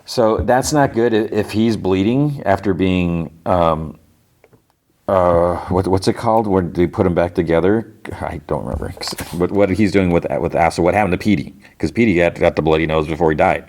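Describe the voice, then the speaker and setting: A man's voice: low-pitched, moderate pace, a little mellow. A man hosting a podcast, casually retelling TV scenes in a rambling way, full of "like" and restarts. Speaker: podcast host. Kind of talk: casual episode recap.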